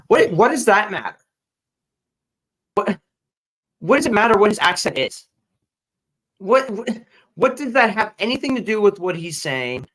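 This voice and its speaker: A man's voice: sits high, very animated, normal speed, long pauses, fairly bright tone, poor audio. A man co-hosting a casual commentary show, ranting in an exasperated, profane way with many restarts. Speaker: podcast co-host.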